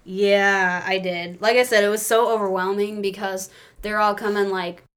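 A woman chatting casually and telling a lively story. She laughs often and breaks into little performances of what each person said. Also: medium pitch, normal speed, clean tone. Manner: animated storytelling, laughs often, acts out quotes. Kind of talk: casual chat.

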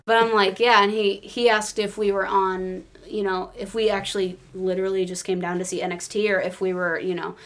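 A woman from Illinois chatting casually, an excitable storyteller who acts out quotes and laughs often. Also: mid-range voice, fairly quick, few pauses. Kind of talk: casual chat.

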